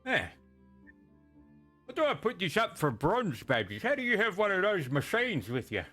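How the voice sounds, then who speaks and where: A man voicing a rowdy, drunken dwarf ship captain who laughs and shouts in gruff sailor talk. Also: high-pitched, huge pitch swings, moderate pace, faint music behind, pitched above the performer's own voice, heavily acted. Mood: jovial.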